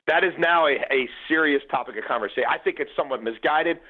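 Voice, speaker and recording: On a tinny phone line, a man with a higher-leaning voice talks at a quick pace about sports memories. He's in his forties, hails from the Baltimore area, and tells his stories to a podcast casually and animatedly, with lots of fillers and restarts.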